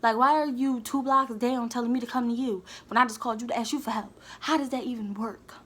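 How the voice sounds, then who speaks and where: A woman's voice: a little high, fairly even intonation, quick pace, a bit bright, a little hiss or hum. A young woman telling a candid, heated storytime straight to her viewers. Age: young adult. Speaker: vlogger. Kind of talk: storytime vlog.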